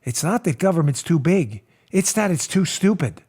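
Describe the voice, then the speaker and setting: A man hosting a political talk show, speaking in a sarcastic, animated, mocking manner from a studio. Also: on the high side, normal speed, slightly rough. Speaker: host.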